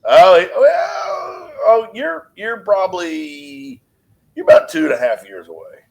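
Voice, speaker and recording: A man in his fifties teases and jokes his way through a casual podcast chat. His voice sits a little high and swings up and down with lively pitch. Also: slow, vocal fry. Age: 50s. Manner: teasing, jumps up and down in pitch. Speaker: podcast co-host. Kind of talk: casual profane banter.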